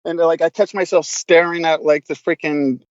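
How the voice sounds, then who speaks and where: A man's voice: a little high, fairly even intonation, moderate pace, dry recording, lo-fi sound. A man guesting on a podcast, telling stories casually, laughing a lot and swearing freely with many restarts. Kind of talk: casual storytelling.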